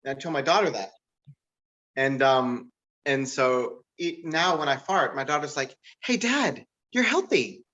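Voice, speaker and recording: A man doing stand-up comedy who laughs at his own jokes and rambles with lots of fillers, jumping way up in pitch when he quotes people. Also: measured pace, a bit bright, muffled recording. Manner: jumps to a much higher pitch to act out quoted people. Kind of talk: live-streamed stand-up comedy.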